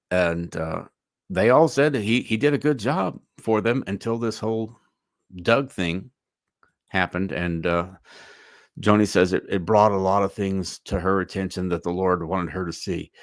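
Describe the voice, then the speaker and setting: A man hosts a livestream, offering opinionated commentary in a loose, musing, casual way. His fairly low voice is unhurried with vocal fry, recorded at studio quality with no room sound.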